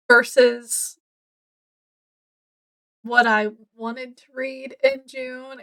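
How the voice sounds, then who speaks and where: A woman's voice: sits high, pushed and bright. A woman, rambling casually to camera at home as a book vlogger, with lots of fillers. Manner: rambling, chatty, many fillers. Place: home, indoors.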